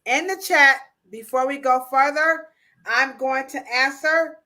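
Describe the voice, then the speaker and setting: A woman's voice: sits high, measured pace, sharp tone. A woman hosting a casual livestream chat, playful and teasing, with slangy mock-scolding asides. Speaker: livestream host.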